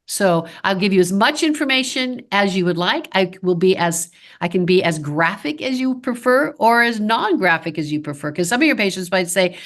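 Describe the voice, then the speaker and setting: A woman's voice: medium pitch, a little fast. A woman in her fifties, a dental practice consultant, giving a podcast interview and acting out quoted dialogue as she tells stories. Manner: animated storyteller who acts out quoted dialogue.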